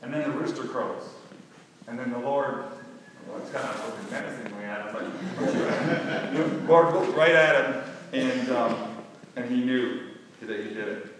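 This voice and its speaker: A man's voice: mid-range voice, measured pace, background noise. A man teaching a casual Bible lesson and staging a skit, talking in a rambling way with many restarts and fillers. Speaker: youth or Bible class teacher. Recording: echoey hall, mic far off.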